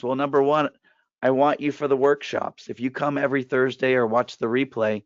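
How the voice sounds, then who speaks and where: A man with a hoarse, raspy voice makes a direct, persuasive pitch for a course. The audio is dull and lo-fi, with a dry, close sound and no room around it. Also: no room sound. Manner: direct, persuasive, walks through steps. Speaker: trading course presenter. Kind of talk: promotional webinar pitch.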